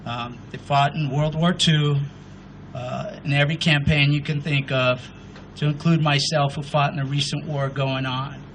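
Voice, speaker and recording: A man in his fifties with a fairly high voice gives a speech at a memorial. He sounds humble, a little nervous and emotional, with faint noise behind him. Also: steady tone, normal speed, a bit bright, poor audio. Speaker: veteran guest speaker. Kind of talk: ceremony speech. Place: outdoor memorial ceremony.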